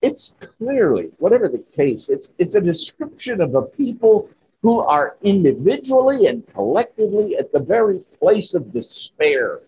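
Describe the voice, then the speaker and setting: A man preaching a sermon in church, slow and emphatic with rising exclamations. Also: sits high, very animated, dark tone, breathy edge, lo-fi sound. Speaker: pastor.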